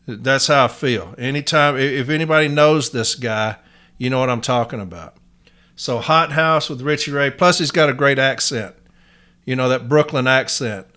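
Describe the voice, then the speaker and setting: A man's voice: mid-range voice, normal speed, bright, forceful tone. A man from Nashville, Tennessee, with a Southern accent, hosting a podcast in a blunt, folksy monologue. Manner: blunt, folksy, uses y'all. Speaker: podcast host.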